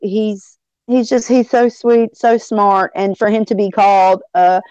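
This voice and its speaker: A woman's voice: medium pitch, steady tone, a little slow, darkish tone, dry recording, muffled recording. A middle-aged woman with a Southern American accent, talking emotionally and cussing freely as a guest on an online panel. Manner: chatty, emotional, swears freely. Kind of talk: casual chat.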